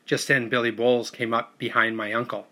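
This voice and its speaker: A man giving a steady, measured first-person audiobook narration. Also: medium pitch.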